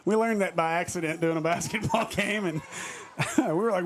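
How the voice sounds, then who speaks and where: A man's voice: high voice, normal speed, noisy background. A male commentator calling a soccer match live on a broadcast headset, joking and laughing often between calls. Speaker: sports commentator.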